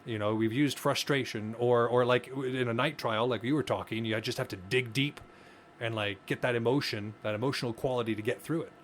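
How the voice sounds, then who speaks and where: A man's voice: medium pitch, fairly quick. A man with a mid-range voice talks through his ideas on a casual podcast. He explains earnestly and often restarts his sentences. A faint hiss sits under the recording. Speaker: podcast co-host.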